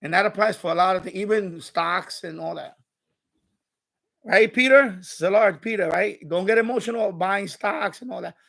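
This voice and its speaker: Gravelly high-voiced man chatting casually. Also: normal speed, fairly bright tone. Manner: rambling, repeats himself, frequent restarts. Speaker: live stream host. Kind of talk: casual live-stream chat.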